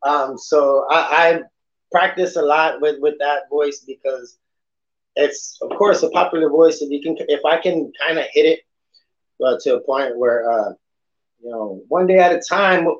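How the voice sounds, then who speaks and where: Man, podcast host, lisp, rambling casual talk, fairly high voice, dull lo-fi audio. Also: moderate pace. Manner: rambling, with frequent restarts and swearing.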